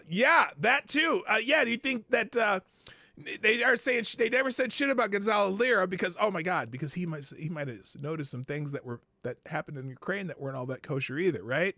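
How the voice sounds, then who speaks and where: A man's voice: sits high, lively intonation, brisk, pushed and bright, no echo. A man hosting a political commentary livestream, blunt and profane, rambling with restarts and short laughs. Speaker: host.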